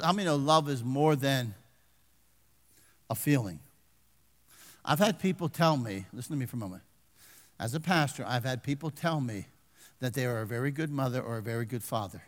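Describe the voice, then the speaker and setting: An older man preaching a folksy sermon as pastor, swinging from loud exhortation to hushed asides and calling for amens. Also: medium pitch. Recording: long reverb of a large hall.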